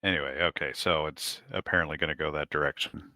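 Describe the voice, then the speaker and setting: Deep voiced guy at a tabletop game, bright and smooth, laying things out, dry sound. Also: fairly even intonation, fast talker, dry recording. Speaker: player.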